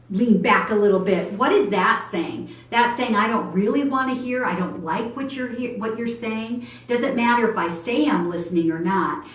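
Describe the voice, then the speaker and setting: A woman teaching a church family class on communication, gentle and encouraging, showing how tones of voice sound. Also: mid-range voice. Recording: echoey room, voice from far off.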